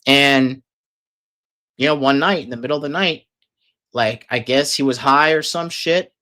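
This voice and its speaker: A man's voice: mid-range voice, unhurried, sharp tone. A man telling a long, casual story, rambling and swearing heavily with lots of fillers. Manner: profane, rambling, filler-heavy.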